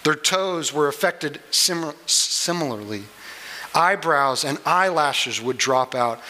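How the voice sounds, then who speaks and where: Bright-voiced male preacher. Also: on the high side, expressive, rough recording. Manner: earnest preaching with restarts and pauses. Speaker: pastor. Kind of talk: sermon.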